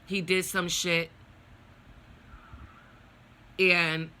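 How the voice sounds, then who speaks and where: A woman's voice: on the low side, level tone, extremely slow, sharp tone, a little hiss or hum. A middle-aged woman vlogging a personal story, venting in a blunt, profane, heated way.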